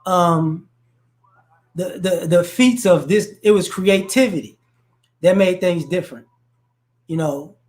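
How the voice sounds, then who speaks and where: A high-voiced man from New Orleans talks slowly with long pauses, giving his opinions in a loose, casual way. His faint New Orleans accent blends with Chicago and DC area speech, and he restarts often and says "you know" a lot.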